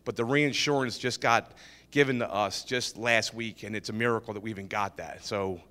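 Man telling a lively testimony in a hall. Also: fairly low pitch, normal speed, clear, resonant tone. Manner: lively, acts out dialogue, repeats and restarts. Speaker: business owner sharing a testimony. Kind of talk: informal testimony storytelling. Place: ministry meeting hall.

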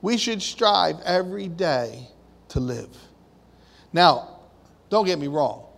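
High-voiced preacher in an echoing hall. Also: male voice, expressive, slow, vocal fry, a bit bright. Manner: impassioned, questioning the congregation. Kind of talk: sermon. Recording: long hall reverb.

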